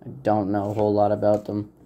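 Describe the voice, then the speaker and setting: A man hosting a casual card-pack opening video, talking in a relaxed, hesitant way with frequent fillers and unsure pronunciations. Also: lowish voice, fast. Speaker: channel host opening trading card packs. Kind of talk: casual unboxing commentary.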